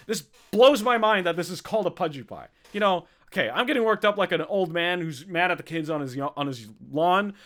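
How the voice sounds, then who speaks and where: A man's voice: high-pitched, fairly bright tone. Ranting young man from Canada. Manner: worked-up, ranting, swearing. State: sweating. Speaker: podcast host. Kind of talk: casual live-stream chat.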